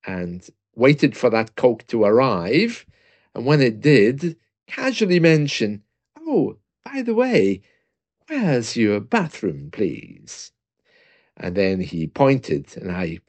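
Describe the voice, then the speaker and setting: Lively, gravelly British man. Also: medium pitch, no room sound. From Britain. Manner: chatty and self-mocking, with asides and small laughs. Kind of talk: casual solo talk reading a news report aloud.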